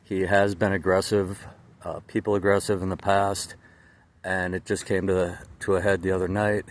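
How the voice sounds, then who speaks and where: A man's voice: deep voice, level tone, normal speed. A man working as a dog trainer, introducing a training session to camera outdoors in a plain, matter-of-fact way.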